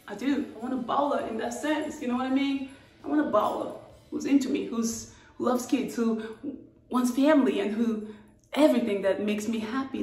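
A woman talking casually to camera, playful and animated. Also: reverberant, distant mic. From Africa. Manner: playful and animated, with laughs and sudden high exclamations. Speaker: vlogger.

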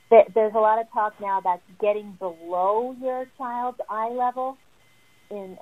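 A woman therapist explaining parenting advice in an earnest, emphatic teaching tone. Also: medium pitch. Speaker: family therapist. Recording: tinny phone-like sound.

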